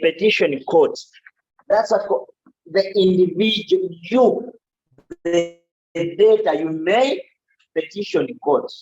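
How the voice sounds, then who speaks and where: A man's voice: on the high side, a little mellow, slightly rough. A man giving a law lecture to students, checking in often with "okay" and joking asides. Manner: explains slowly, with frequent "okay?" checks and asides. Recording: dull, lo-fi classroom recording.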